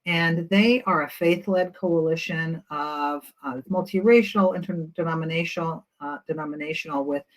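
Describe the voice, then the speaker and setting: A woman's voice: sits low, normal speed, hardly any pauses, rough recording. A woman who sits on a school board, presenting a case study on a webinar in a chatty, loose way with frequent fillers.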